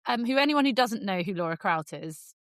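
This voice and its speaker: A woman's voice: mid-range voice, animated, a bit bright, no echo. A middle-aged woman co-hosting a podcast, teasing her co-host and telling anecdotes in casual chat. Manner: teasing, quick with a joke.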